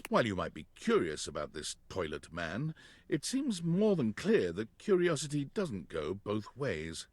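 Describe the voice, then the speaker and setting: A man's voice: on the low side, wildly swooping pitch, unhurried, no room sound, heavily acted. A man giving scripted, wry narration for a video game.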